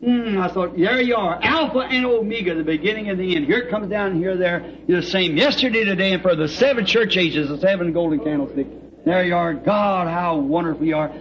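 A man's voice: sits high, a little fast, a bit bright. A man preaching a sermon to a congregation, fervent and rhythmic, telling stories with chuckles. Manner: fervent, rhythmic, storytelling with laughs. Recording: dull lo-fi old tape recording.

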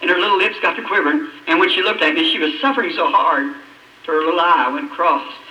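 A man preaching an emotional testimony, his voice breaking and climbing high, with long dramatic pauses. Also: sharp tone. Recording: old echoey hall recording from a distance, faint hiss.

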